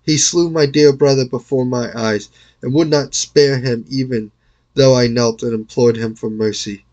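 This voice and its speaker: A man's voice: medium pitch, steady tone, normal speed, darkish tone, muffled recording, natural voice. A man reading aloud, voicing a young lady who firmly demands vengeance. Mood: urgent. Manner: urgent, firm.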